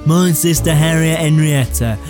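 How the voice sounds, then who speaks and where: A man's voice: a little high, music in the background. Smarmy mock-sultry man. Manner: mock-sultry, slow and breathy on innuendo. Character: smarmy would-be lover man, self-serious. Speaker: comic host playing a seducer. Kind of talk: deadpan comedy sketch.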